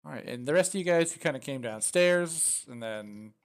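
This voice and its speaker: A man's voice: fairly high pitch, expressive. Casual male dungeon master. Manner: casual, halting, lots of fillers. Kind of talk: narrating a tabletop game.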